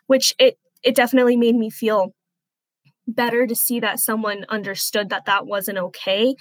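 A woman in her twenties, an interview guest, recounting a personal experience in an earnest, halting way that turns softly emotional. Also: on the high side, steady tone, dry recording, rough recording. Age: 20s.

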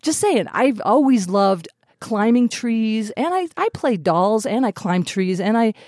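A comedian woman in a radio studio interview, animated and playful, laughing often and shifting her voice for bits. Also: a little high, measured pace, no room sound. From Colorado. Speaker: comedian guest.

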